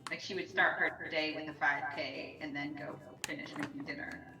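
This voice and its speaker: A woman's voice: sits low, fairly even intonation, normal speed, background noise. A woman chatting casually on a stream and asking the others questions. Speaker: stream co-host. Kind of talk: casual chat. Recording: echoey and distant with music.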